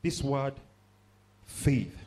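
A man's voice: mid-range voice, very slow, dark tone. A man preaching a sermon, stressing points by repeating phrases and calling on the congregation to respond.

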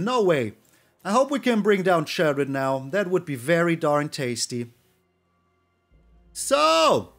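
A man giving excitable, animated live commentary over his own card game, now and then breaking into loud shouts. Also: high voice. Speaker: gaming YouTuber.

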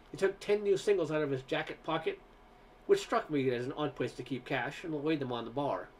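A man's voice: a little high, a little hiss or hum. A man reading a first-person story aloud in a conversational way, with occasional stumbles. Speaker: narrator.

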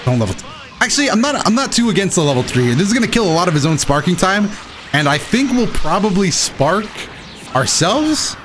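Young man, fighting game commentary, excitable, self-mocking, lively pitch swings, game music behind. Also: fairly quick. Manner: excitable, self-mocking, shouts at big plays. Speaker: gaming YouTuber. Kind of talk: live gameplay commentary.

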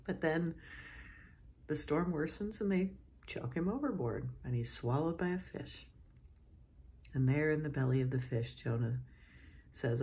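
A woman's voice: low-pitched, big pitch swings, a little slow, long pauses. A middle-aged woman, a cathedral dean, giving a morning devotion in a chatty storytelling manner and closing with a prayer. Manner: chatty storytelling, often chuckling.

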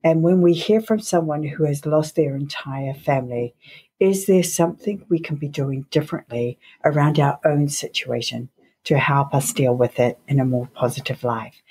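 A woman hosting a podcast interview, speaking slowly, gently and earnestly. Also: low voice, breathy edge. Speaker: podcast host.

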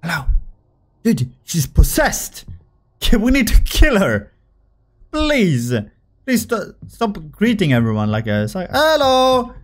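A young man giving casual, jokey commentary while playing a horror game, excitable and swearing freely. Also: high-pitched, moderate pace. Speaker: gaming video creator. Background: faint game music.

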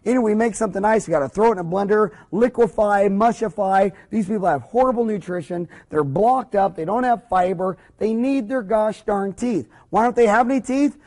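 A man's voice: sits high, a little fast, few pauses, a little mellow. Fired-up, blunt man lecturing. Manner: fired-up, blunt, preachy, acts out little scenes. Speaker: dentist lecturing fellow dentists. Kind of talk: energetic spoken lecture.

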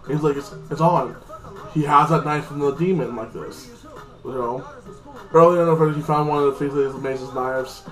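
A man's voice: on the high side, fairly even intonation, moderate pace, a bit bright, faint music behind. Rambling man recapping a show, echoey room. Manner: rambling, profane, lots of fillers. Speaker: TV show reviewer. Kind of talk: casual episode recap.

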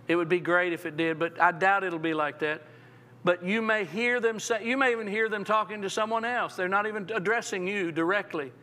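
A man's voice: a little high, bright, forceful tone, slight background noise. A man preaching a sermon as pastor, often repeating words as he restarts sentences and acting out the quotes he reads. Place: church sanctuary.

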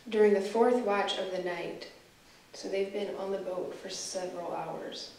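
Woman guiding a scripture meditation, a bit gravelly, far from the mic in a big echoey room w/ faint hiss. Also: mid-range voice, fairly even intonation, a little mellow. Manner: slow, reflective questions to the listener. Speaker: guest speaker.

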